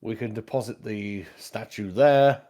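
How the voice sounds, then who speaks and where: A man voicing a formal male envoy of a dragon order in measured phrasing, with his own lowish voice. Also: dark tone, lightly acted. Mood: calm.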